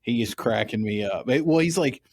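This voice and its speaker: A podcast host from Oklahoma or Texas chats casually in an interview, easygoing and quick to laugh. He speaks at medium pitch and a moderate pace, expressive with vocal fry, in a dry, studio-quality recording.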